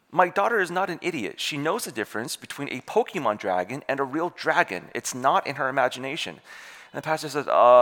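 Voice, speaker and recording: Animated man preaching in a big hall. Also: a little high. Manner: animated, acts out voices in his stories. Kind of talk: sermon storytelling. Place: church hall. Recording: long hall reverb.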